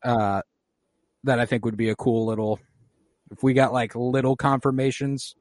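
A man casually recapping a TV episode on a podcast, rambling and relaxed with many restarts. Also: medium pitch, normal speed, no room sound, studio quality. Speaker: podcast co-host.

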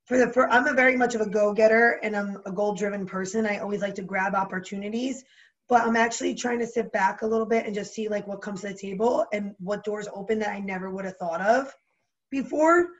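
A woman with a New Jersey accent chatting as a podcast guest, bubbly and animated, full of "like" fillers. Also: mid-range voice, brisk, dull audio. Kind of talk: casual chat.

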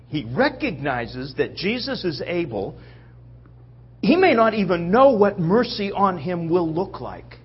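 Preacher guy telling a bible story, slow and lively, kinda husky, dull recording. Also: high voice. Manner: animated storytelling, acts out quotes, checks in with listeners. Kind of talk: sermon.

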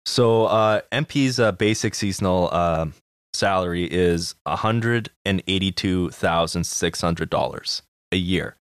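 Deep-voiced laid-back podcast co-host. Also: male voice, measured pace, smooth, dry recording, studio quality. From Canada. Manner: laid-back, swears often, laughs. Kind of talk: casual news chat.

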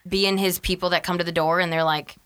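Bright-voiced playful woman. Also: on the low side, flat delivery, a little fast, clean tone. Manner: playful, laughs often. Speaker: podcast co-host. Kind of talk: casual chat.

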